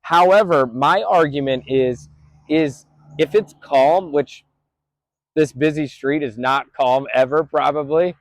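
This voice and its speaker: A man's voice: on the high side, takes it slowly, no room sound. A man training a dog outdoors on a busy street, explaining his approach plainly and calling out praise to the dog. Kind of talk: outdoor training talk to camera.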